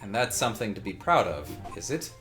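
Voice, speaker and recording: A man's voice: on the low side, sing-song, brisk, music in the background. A man co-hosting a casual game playthrough, reading dialogue aloud between joking, laughing asides. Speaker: let's play co-host.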